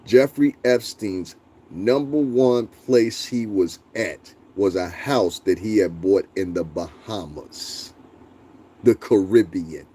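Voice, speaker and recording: A man's voice: lowish voice, takes it slowly, breathy edge. A man hosting a livestream, ranting bluntly and profanely and answering his chat. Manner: profane, blunt, animated, talks back to chat. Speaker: livestream host.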